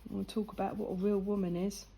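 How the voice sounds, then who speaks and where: A woman's voice: mid-range voice, little pitch movement, brisk, vocal fry, mellow, breathy edge, rough recording. An older woman, chatting casually and laughing as she tells a story while colouring.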